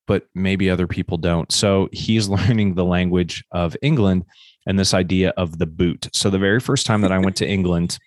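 Middle-aged man co-host, very low pitch, dry sound, animated storytelling. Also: normal speed, no room sound. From United States. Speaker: podcast co-host. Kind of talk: casual chat.

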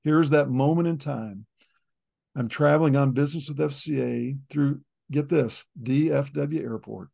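A middle-aged man shares a personal testimony in an interview, earnest and plain-spoken. His voice is deeply gravelly and husky, with a dark, low-lit tone. He circles back and repeats words as he works through hard memories. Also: moderate pace. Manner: earnest storytelling, repeats words when emotional. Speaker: ministry leader, guest.

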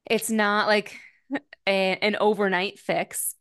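A woman in her thirties hosts a personal podcast and talks alone in a reflective monologue. She sounds candid and thoughtful and pauses to find her words. "Like" comes up often as she talks. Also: mid-range voice, little pitch movement, fairly bright tone, clean tone. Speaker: podcast host.

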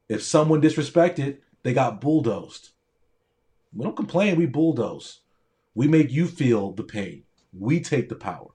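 A man who is a doctor and pre-med coach gives a motivational speech directly to his audience, using a preaching, repetitive cadence. His voice is mid-range with a darkish tone.

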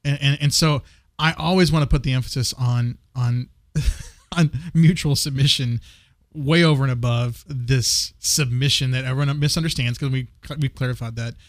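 A man's voice: medium pitch, steady tone, moderate pace, no echo, clean studio sound. A man co-hosting a casual Christian discussion podcast, earnest, often repeating words as he searches for what to say. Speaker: podcast co-host.

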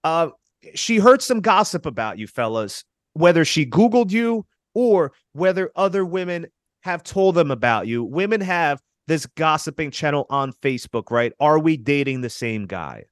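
A man's voice: a little high, animated, moderate pace, dry recording, clean studio sound. A man co-hosting a podcast, giving dating advice in an emphatic, coaching way and calling his listeners fellas. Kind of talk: casual podcast chat.

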